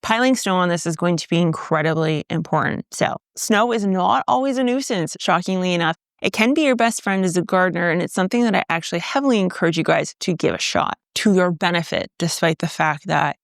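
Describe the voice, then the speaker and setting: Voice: medium pitch, lively intonation, quick pace, vocal fry, few pauses, no room sound, studio quality. A gardening channel host from Canada giving a casual, practical how-to explanation with wry asides.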